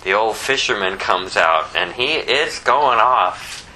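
A man delivers a sermon in a loose, conversational way, slipping into the voices of the people he quotes. His voice sits a little low, but its tone is strikingly bright and edged. A faint hiss sits under the recording. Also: slow, rough recording. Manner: conversational, animated, acts out quoted lines. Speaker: preacher. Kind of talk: expository sermon.

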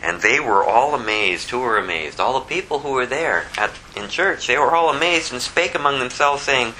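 A man preaching an expository Bible sermon in an animated way, reading scripture aloud and swinging from hushed asides to loud, emphatic bursts. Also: mid-range voice, moderate pace, hardly any pauses, a little hiss or hum, low-quality recording. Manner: reads scripture aloud in King James wording. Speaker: pastor.

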